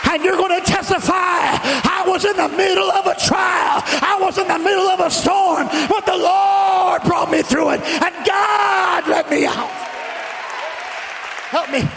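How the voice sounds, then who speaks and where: A male pastor preaching a sermon in a shouting, rhythmic cadence, with music and a congregation behind him. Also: extremely high pitch, steady tone, measured pace, creaky, crowd noise, noisy background. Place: church sanctuary. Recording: church hall reverb with music and congregation.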